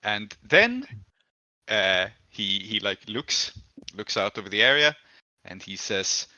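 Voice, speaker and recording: Bright-voiced male game master, dry close sound. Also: very animated, takes it slowly, no room sound, dull audio. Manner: wry, lowers voice for characters' lines. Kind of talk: narrating a tabletop game.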